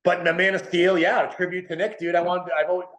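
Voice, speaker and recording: New guy rambling on a podcast, kinda high voice, lots of likes and dudes, echoey room. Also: level tone, fast talker, a bit bright. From New England. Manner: rambling, heavy use of "like" and "dude". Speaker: podcast guest, wrestler. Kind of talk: casual interview chat.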